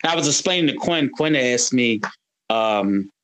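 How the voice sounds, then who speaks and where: Man, podcast co-host, lively pitch, bright tone, jokey casual chat. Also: normal speed. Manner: animated, jokey, puts on silly voices in retellings.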